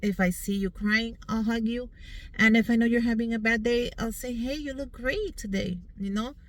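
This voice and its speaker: A woman's voice: a little high, little pitch movement, moderate pace, rough recording. Woman, thirties, casual vlog, earnest, upbeat, talking to viewers, in a car. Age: 30s. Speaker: vlogger. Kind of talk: personal health story vlog. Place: in a parked car outdoors in sun.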